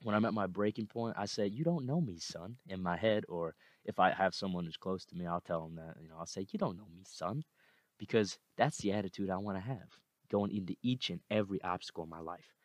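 A man's voice: deep voice, brisk, no echo. A young man hosting a podcast, speaking earnestly and with growing fire about motivation. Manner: earnest, repetitive, fired up. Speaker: podcast host.

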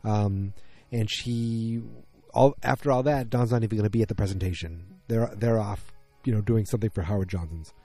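A man with a fairly low, mellow voice talks through a TV episode in a loose, rambling way. He trips over his words and corrects himself as he goes. Faint music plays behind him. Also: normal speed. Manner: rambling, self-correcting, loose slangy talk. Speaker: TV episode recapper. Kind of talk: casual episode recap.

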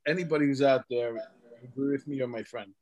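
A man's voice: mid-range voice, steady tone, fast, a little mellow. A man with a New York accent hosting a casual chat, loose and joking and drifting into fillers as he reads out listener comments. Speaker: podcast host.

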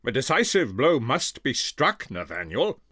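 A man's voice: mid-range voice, big pitch swings, measured pace, a bit bright. A man voicing an intense commanding general who speaks firmly and curtly. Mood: resolute. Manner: firm, curt.

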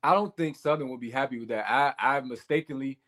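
A man hosting a sports podcast, asking his guest questions in a relaxed, conversational way. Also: mid-range voice, quick pace, over a noisy crowd. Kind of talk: casual sports talk interview.

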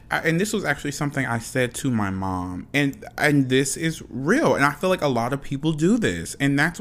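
A man's voice: mid-range voice, fairly bright tone. A man hosting a solo podcast, ranting frankly and passionately, swearing often and repeating himself. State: dry mouth. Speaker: podcast host.

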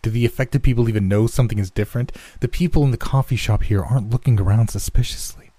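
A man reading a horror story aloud in the first person, in a hushed, anxious telling. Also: mid-range voice, fast talker, no room sound. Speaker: narrator. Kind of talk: scripted horror story narration.

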